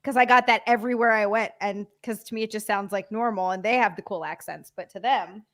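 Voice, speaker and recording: A woman co-hosting a casual livestream, chatty and agreeable and quick to laugh. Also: medium pitch, steady tone, a bit bright.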